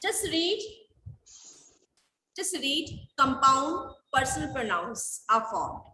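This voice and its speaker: High-voiced woman teaching slowly. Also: sing-song, sharp tone, roomy sound. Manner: slow, repetitive, quizzing students. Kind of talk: online class lecture. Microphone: video call.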